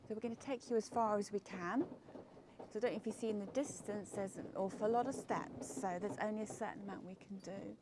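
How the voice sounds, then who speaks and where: A woman's voice: medium pitch, fairly quick. Chatty English woman vlogging outdoors. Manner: chatty, often drops to a murmur. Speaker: vlogger touring in a wheelchair. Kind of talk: casual outdoor vlog narration. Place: outdoors on a quiet clifftop. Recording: noisy outdoor camera audio.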